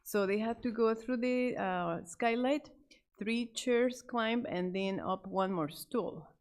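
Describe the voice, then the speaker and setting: A woman telling a missionary story to a church class, speaking off the cuff with fillers and restarts and voicing the characters' lines. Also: slow. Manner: animated, acts out the quoted characters with raised pitch; many fillers and restarts, unscripted. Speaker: Sabbath School storyteller.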